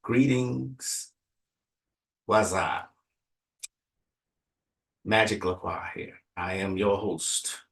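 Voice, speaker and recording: Laid-back Texan man in a roomy space. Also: on the low side. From Texas. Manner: laid-back, rambling with many fillers and asides. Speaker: livestream host. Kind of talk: casual livestream chat. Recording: roomy, distant from the mic.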